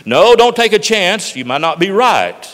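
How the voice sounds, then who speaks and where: Man doing a fretful storybook Zode, dithering, loud and raised, echoey hall. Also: fairly high pitch, big pitch swings, normal speed. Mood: decided. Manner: fretful, going back and forth. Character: dithering indecisive young male Zode creature.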